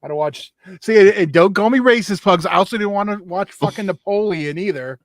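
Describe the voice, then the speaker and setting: Co-host, male, slightly high-pitched, blunt, swears a lot, bossy about the running order; dry mic. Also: a little fast, no room sound. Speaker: podcast co-host. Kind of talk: casual chat.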